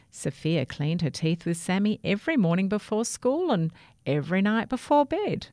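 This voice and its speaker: A woman, narrating a children's story in a gentle, expressive way. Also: medium pitch, normal speed, dry recording, studio quality.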